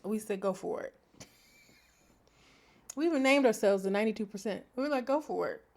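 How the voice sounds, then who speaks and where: Expressive woman hosting a reflective podcast. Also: medium pitch, fairly quick. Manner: expressive, animated, breaks into laughter and sings snatches. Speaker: podcast host. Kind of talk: reflective solo podcast talk.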